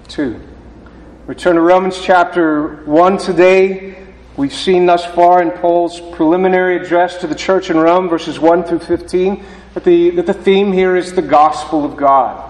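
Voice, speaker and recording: A male pastor with a slightly high voice delivers his sermon slowly and deliberately, often restarting his phrases. His voice rings through a church sanctuary with a long, roomy reverb. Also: darkish tone. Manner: slow, deliberate preaching with halting restarts. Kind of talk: sermon with scripture reading.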